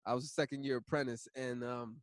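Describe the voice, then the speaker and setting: A man's voice: mid-range voice, steady tone, quick pace, no echo. Chatty, slangy man teaching scripture. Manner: chatty, laughs often, uses slang. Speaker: bible study teacher. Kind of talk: casual bible study teaching.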